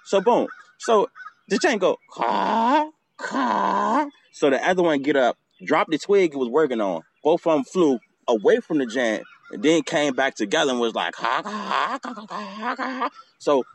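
A man hosting a podcast outdoors, telling a casual, swearing story and acting out the bird calls. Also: medium pitch. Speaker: podcast host.

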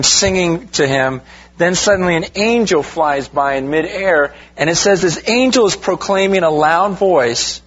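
A pastor preaches to his congregation in a slightly high, husky voice, leaning on rhetorical questions and direct appeals. He keeps the sermon conversational, speaking to the room as "you guys." The recording sounds dull and lo-fi. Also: fairly bright tone.

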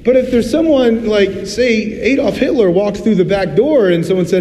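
A man preaching a sermon as pastor, talking candidly and conversationally, acting out quick little voices as he goes. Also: sits high, dark tone. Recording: roomy hall reverb, faint ambience.

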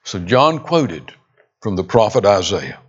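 A man preaching a sermon, expressive, with dramatic pauses and emphatic quoted lines. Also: fairly low pitch, husky. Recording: dull lo-fi sound.

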